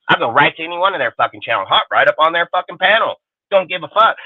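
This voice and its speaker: Man host ranting on a livestream, aggressive and profane; high-pitched, dry, tinny. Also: dry recording. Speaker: channel host. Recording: tinny phone-like livestream audio.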